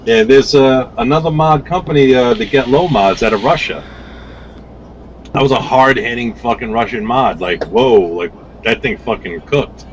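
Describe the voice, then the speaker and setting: A man's voice: medium pitch, normal speed, slight background noise, poor audio. A man talking as a podcast guest, telling stories in a rambling, profane way and often repeating himself. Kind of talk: casual storytelling chat.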